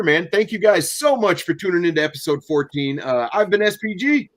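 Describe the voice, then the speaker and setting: A man co-hosting a casual gaming podcast, talking in a relaxed, rambling way and often restarting his sentences. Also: sits high, fairly quick. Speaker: podcast co-host.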